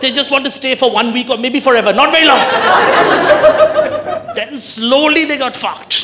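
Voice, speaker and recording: A man's voice: extremely high pitch, normal speed, over a noisy crowd. A man with an Indian accent doing a stand-up comedy set, brash and profane, telling his story playfully. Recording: live club recording with audience noise.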